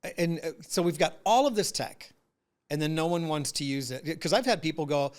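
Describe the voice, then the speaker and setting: A man as a podcast guest in casual chat, relaxed and explaining his ideas through long analogies. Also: a little high, a little fast.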